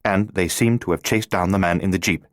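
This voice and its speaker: A man's voice: deep voice, a little fast, no echo, clean studio sound, close to an everyday voice. A man doing a terse, urgent male stranger.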